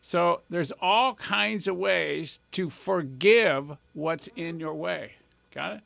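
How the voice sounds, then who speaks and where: A man's voice: fairly high pitch, slow pace, creaky, a bit bright. A man in his fifties hosting a call-in advice show, with a folksy, coaxing manner, acting out sample replies for his callers. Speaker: radio talk show host. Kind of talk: coaching call-in talk.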